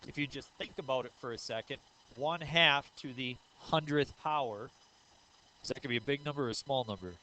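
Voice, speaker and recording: Bright-voiced man teaching algebra. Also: medium pitch, a little fast, slight background noise, poor audio. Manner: explains step by step, asks the class questions; says 'uh' and 'um' often. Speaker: math teacher. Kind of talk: recorded math lecture.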